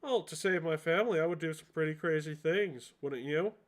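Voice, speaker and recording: A man plays a determined adventurer in a tabletop game, blunt and impatient. The voice is his own, a little higher than most men's. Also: a little fast, close to an everyday voice.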